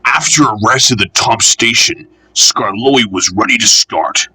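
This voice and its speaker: A man reading a children's railway storybook aloud in an expressive, measured way. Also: mid-range voice, husky, dry recording.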